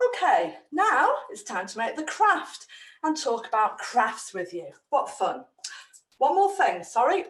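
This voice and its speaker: A chatty woman storyteller explains her show to parents, her voice bouncing with lively pitch. She sits a bit high for a woman. The sound is roomy, picked up from a mic some distance away. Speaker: children's storyteller addressing parents.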